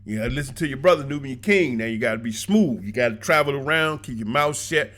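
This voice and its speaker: A man's voice: mid-range voice, fast talker. Brief: man vlogger, casual storyteller, colloquial, laughs a lot, gives blunt advice. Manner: animated, colloquial, laughs often, preachy asides. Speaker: vlogger giving travel advice.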